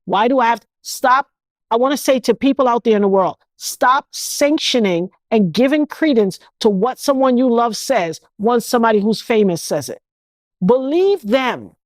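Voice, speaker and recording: A woman's voice: on the high side, expressive, moderate pace, no room sound. A woman in her fifties, an interview guest speaking with an emphatic, repetitive, preacher-like cadence. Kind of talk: emotional interview.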